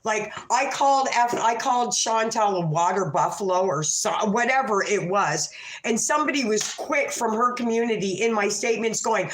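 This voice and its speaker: A woman's voice: mid-range voice, normal speed, roomy sound. A woman hosting a late-night livestream, chatting in a rambling, profane and gossipy way. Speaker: livestream host.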